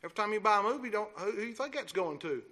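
A man preaching a sermon, swinging from low, steady talk into fiery shouting. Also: racing. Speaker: pastor.

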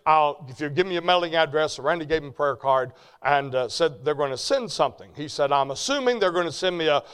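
Folksy preacher swinging from hushed to shouting. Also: male voice, a little high, expressive, brisk, smooth. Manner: folksy, swings from quiet storytelling to loud shouting. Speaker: preacher and ministry president. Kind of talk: storytelling sermon.

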